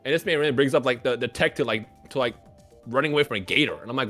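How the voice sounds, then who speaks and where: A young man playing on a stream, animated and laughing as he tells a story to chat. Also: medium pitch, rapid-fire, faint music behind. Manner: animated, laughs mid-sentence, addresses chat. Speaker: guest player on a stream. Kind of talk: casual chat while gaming.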